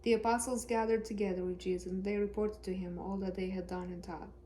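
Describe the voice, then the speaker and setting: A woman's voice: medium pitch, level tone, quick pace, dark tone, a little hiss or hum. A woman reading scripture aloud with casual, sarcastic, joking commentary. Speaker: Bible reader and commentator.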